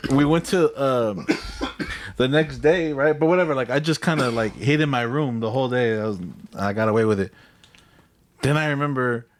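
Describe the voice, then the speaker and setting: A man's voice: mid-range voice, no room sound. Laughing young man. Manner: profane, laughing storyteller. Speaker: podcast co-host. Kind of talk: casual chat.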